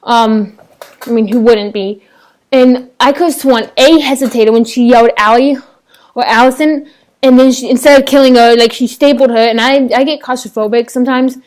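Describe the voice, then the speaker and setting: A young woman, chatting casually to her laptop webcam at home, rambling excitedly with lots of fillers and restarts. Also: a little high, normal speed. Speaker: vlogger reviewing a TV episode. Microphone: laptop webcam microphone.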